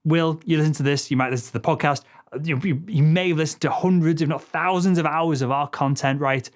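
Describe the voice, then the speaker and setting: A man teaching sales technique in a fast, assertive coaching manner, his voice not particularly deep. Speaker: sales trainer. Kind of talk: instructional talk to camera.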